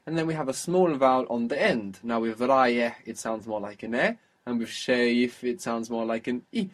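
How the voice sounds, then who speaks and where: A man leads a one-on-one language lesson at a steady, patient pace. He prompts the learner and praises each answer. His voice sits at an ordinary middle pitch. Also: moderate pace. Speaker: language teacher. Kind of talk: guided spoken language lesson.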